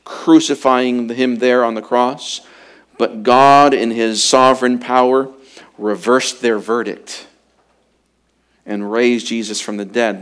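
A male pastor delivering a sermon at an unhurried, deliberate pace. He leans hard on key words with real urgency, then drops to a hushed near-murmur before building back up. His voice sits at an ordinary middle pitch. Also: clear, resonant tone. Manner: emphatic preaching, swinging between loud urgency and hushed quiet.

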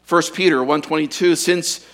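Male pastor, mid-sermon, earnest and pressing, goes quiet for emphasis. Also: fairly high pitch, steady tone, normal speed. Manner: earnest, urging, drops to quiet intensity on key points.

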